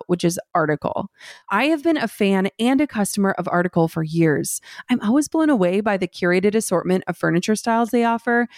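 A woman's voice: medium pitch, dry recording. Upbeat woman podcast host, dry sound. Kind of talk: interview questions and read ads.

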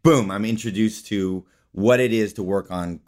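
A man's voice: lowish voice, normal speed, darkish tone. A man guest on an interview show, telling stories in a rambling, casual way, often saying "like" and "you know". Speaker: guest, actor and filmmaker.

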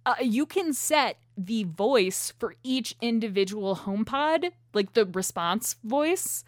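A woman's voice: on the high side, slow, dry recording. Chatty woman podcast co-host, dry sound. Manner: chatty, animated, laughs often, restarts sentences. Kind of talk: casual chat. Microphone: shared single microphone.

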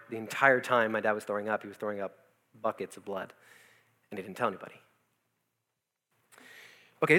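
Fast-talking bright young man. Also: fairly low pitch. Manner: animated storytelling, acts out quoted voices. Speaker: youth pastor. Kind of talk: personal testimony. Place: his office.

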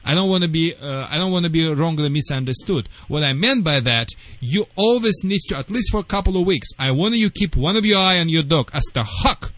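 A man's voice: on the high side, lively intonation, a little fast, hardly any pauses, a bit bright, dry recording. A man who is not a native speaker of English, a dog trainer giving radio call-in advice in broken English, laying out emphatic step-by-step instructions.

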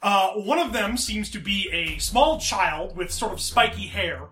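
A man narrating a tabletop game as game master, rambling and casual. His voice sits high and bright, with a roomy echo around it. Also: a little slow, slight background noise.

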